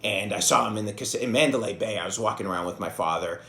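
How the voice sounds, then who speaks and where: A man's voice: on the low side, quick pace, pushed and bright. A man in his thirties hosting a podcast. He rambles through profane, self-deprecating stories in a casual monologue. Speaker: podcast host. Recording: echoey room.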